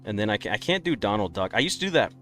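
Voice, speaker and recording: A man's voice: lowish voice, very animated, rapid-fire, a bit bright, faint music behind. A man streaming a game, chatting casually and rambling through opinionated takes. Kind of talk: casual live-stream chat.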